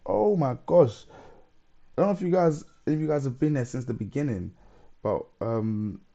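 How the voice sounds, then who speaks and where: A man's voice: mid-range voice, animated, moderate pace, vocal fry, dark tone, highs cut off. A man hosting a live stream, chatting casually and reading out viewer comments in a rambling way.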